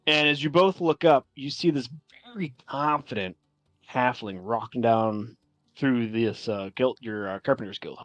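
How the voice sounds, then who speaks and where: Brief: male game master, mid pitch, relaxed rambling narration. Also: a little slow, no echo. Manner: casual, rambling, many fillers.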